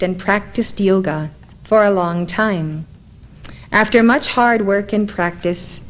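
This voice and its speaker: Woman, storyteller, calm measured reading, mid pitch. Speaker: narrator. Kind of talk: scripted spiritual story reading.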